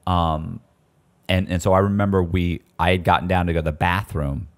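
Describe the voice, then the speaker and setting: A man telling stories in casual chat, animated and often restarting his sentences. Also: deep voice, moderate pace. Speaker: guest storyteller.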